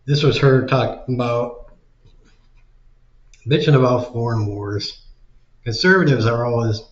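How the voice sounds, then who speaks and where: A man's voice: mid-range voice, a little slow. A man giving casual, sarcastic and profane ranting commentary. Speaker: video commentator. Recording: roomy, slightly dull recording.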